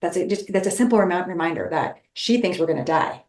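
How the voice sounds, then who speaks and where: A woman's voice: on the low side, quick pace, roomy sound. A woman guest on a podcast, talking casually and acting out her own inner voice. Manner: animated, acts out her inner voice. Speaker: relationship expert guest.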